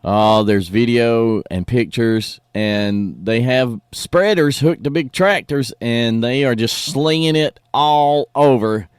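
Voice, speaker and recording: A man's voice: medium pitch, slow pace, hardly any pauses, clean tone, dry recording. A man hosting a morning radio show, folksy and opinionated, talking from a studio. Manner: folksy, animated, opinionated, says "y'all".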